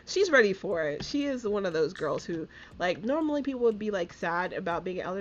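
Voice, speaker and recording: A young woman casually commentating her life-sim game as she streams, chatty and giggly, voicing her characters' thoughts in quick asides. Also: mid-range voice, animated, highs cut off.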